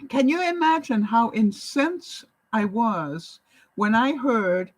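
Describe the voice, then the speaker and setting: Lady vlogging, chatty story mode, kinda high voice, dry close mic. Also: slow, dry recording, poor audio. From Canada. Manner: animated, chatty, laughs often while telling stories. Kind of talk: casual storytelling to camera.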